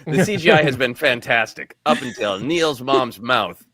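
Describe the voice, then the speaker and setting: A man's voice: medium pitch, animated, moderate pace, sharp tone, dry recording, studio quality. A man on a fan podcast panel, joking and laughing as he gives his rating. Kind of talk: casual aftershow chat.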